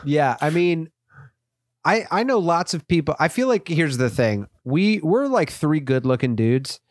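A man's voice: fairly high pitch, big pitch swings, measured pace, no echo, clean studio sound. A young man co-hosting a comedy podcast, rambling and self-deprecating, often laughing. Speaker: podcast co-host. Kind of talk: casual comedic chat.

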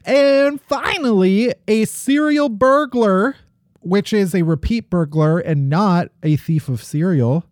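A man co-hosting a podcast, telling strange news stories in a jokey, animated way. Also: high-pitched, dry recording, studio quality. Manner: jokey, animated storytelling with laughs. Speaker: podcast co-host. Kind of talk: casual comedic news chat.

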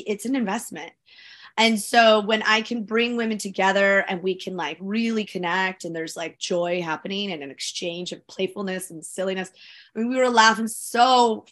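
A woman with a bright, forceful voice talks in a relaxed podcast chat. She tells her stories with lively emphasis, leaning into the funny parts. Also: medium pitch. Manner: animated, emphatic storyteller. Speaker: podcast co-host. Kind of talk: casual chat.

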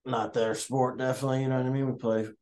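A man's voice: mid-range voice, level tone, fast, warm tone. A man in casual chat, hesitant and hedging, with frequent ums and restarts.

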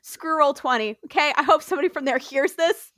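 A woman with a New Jersey accent playing a tabletop game, animated and easily exasperated. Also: high-pitched, a little fast, no room sound. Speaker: player. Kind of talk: tabletop role-play chat.

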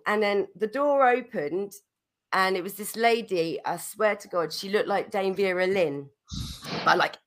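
Woman guest getting over a cold, chatty storyteller who laughs a lot. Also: medium pitch. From London, England. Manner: chatty, laughs often, many restarts. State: recovering from a cold. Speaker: podcast guest, musician. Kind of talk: casual storytelling.

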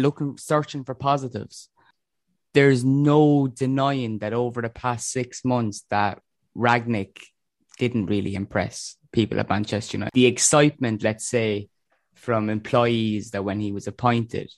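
A man's voice: lowish voice, no room sound. A man hosting a fan podcast, talking earnestly and often repeating words as he starts a thought. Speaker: podcast host. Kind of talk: podcast discussion.

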